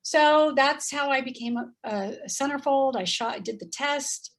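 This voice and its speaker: A woman in her fifties telling a story in casual chat, animated and acting out voices as she goes. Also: high voice, normal speed. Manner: animated, acts out voices in quotes, laughs often. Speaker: guest.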